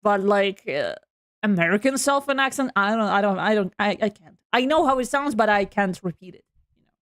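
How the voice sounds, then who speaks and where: A woman streamer casually commenting on a game, excitable and quick to swear and laugh, often restarting her sentences in halting English. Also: mid-range voice, no echo, studio quality. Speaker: VTuber streamer. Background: faint game music.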